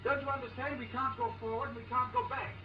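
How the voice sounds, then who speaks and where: An actor playing a stranded, weary traveller in a 1930s film, pleading in a clipped, earnest way. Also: male voice, extremely high pitch, flat delivery, quick pace, roomy sound. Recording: distant, dull, hissy old film soundtrack.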